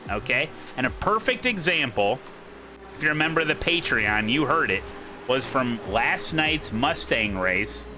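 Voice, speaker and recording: A man hosting a sim racing livestream, talking casually and rambling, breaking off and circling back to his point. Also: mid-range voice. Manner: rambling, self-interrupting, repeats his points. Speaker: sim racing streamer host.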